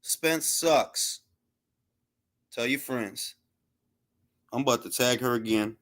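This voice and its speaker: A man's voice: medium pitch, takes it slowly, fairly bright tone. A man hosting a live boxing talk stream, brash and full of slang and trash talk. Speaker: boxing talk show host. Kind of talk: casual live-stream chat.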